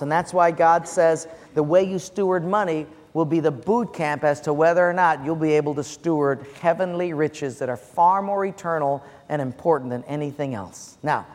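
A male pastor preaching a sermon with audience participation, playful and coaxing, with dramatic slowdowns. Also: high voice. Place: church sanctuary. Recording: long church reverb.

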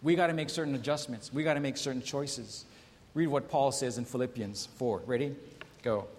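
A man's voice: mid-range voice, a little fast, darkish tone. A man preaching a sermon as a pastor, asking the congregation questions, reading scripture aloud and telling jokes with raised voices for the characters. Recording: long hall reverb.

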